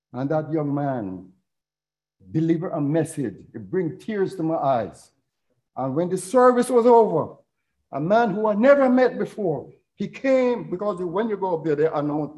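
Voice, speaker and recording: A man's voice: fairly high pitch, a little mellow, poor audio. A middle-aged man preaching a sermon, retelling a parable as a story and quoting scripture.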